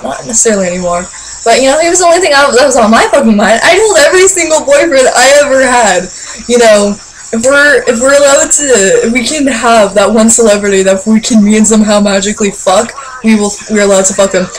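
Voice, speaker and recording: A teenage girl in her last year of high school, ranting in a casual vlog with lots of swearing and rhetorical questions. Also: slight background noise, poor audio. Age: teens. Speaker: vlogger.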